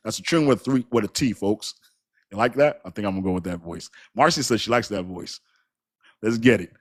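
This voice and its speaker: A man hosting a casual crypto livestream, talking straight to his chat in a hyped, repetitive way. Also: medium pitch. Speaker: crypto channel host.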